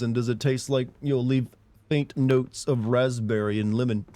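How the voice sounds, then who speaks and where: A man's voice: mid-range voice, fairly even intonation, normal speed, dark tone. A young man streaming a video game, joking and rambling in a casual, playfully mocking way. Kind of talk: casual live-stream commentary.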